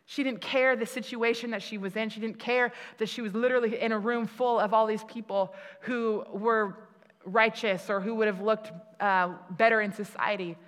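A woman's voice: on the high side, steady tone, normal speed, fairly bright tone. A woman giving a conversational sermon, laughing at herself and restarting her sentences often, with many fillers. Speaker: preacher. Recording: long hall reverb.

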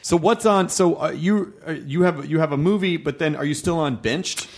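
A man's voice: fairly high pitch, moderate pace, a little hiss or hum. A man from Tennessee with a slight Tennessee accent, hosting a podcast in loose, joking chat and often restarting his sentences. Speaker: podcast host. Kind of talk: casual comedic chat.

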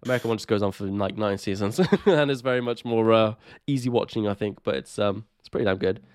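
A man's voice: fairly low pitch, quick pace, smooth, no echo, clean studio sound. A man co-hosting a casual podcast chat over a voice call, laughing often, swearing and reading out viewer comments. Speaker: podcast co-host. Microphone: own microphone on a voice call.

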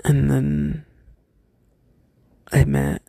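A young man telling a personal story from his school days, hesitant and halting, often stopping and restarting. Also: very deep voice, sing-song, vocal fry, mellow, dry recording.

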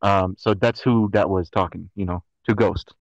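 A man's voice: low voice, steady tone, moderate pace, no room sound. A young man hosting a casual podcast chat, rambling with lots of fillers and laughing often. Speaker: podcast host. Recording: dull lo-fi dry sound.

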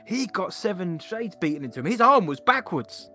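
Male co-host, slightly higher voice, opinionated casual chat, faint music under. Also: very animated, sharp tone. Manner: opinionated, chatty, quick asides. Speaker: podcast co-host.

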